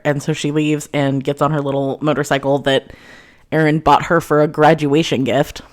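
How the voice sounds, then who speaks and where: A woman's voice: deep voice, little pitch movement, moderate pace. A young woman casually recapping a novel's plot, chatty and full of "like," lightly acting out the characters' lines. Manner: chatty, many "like"s, acts out quotes lightly. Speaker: book reviewer.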